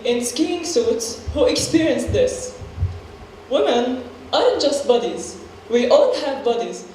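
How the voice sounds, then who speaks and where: A woman's voice: on the high side, a little mellow. A woman giving a firm, declarative scripted speech from a stage, recorded from a distance in an echoey hall. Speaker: performer giving a statement. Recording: echoey hall, distant mic, faint noise.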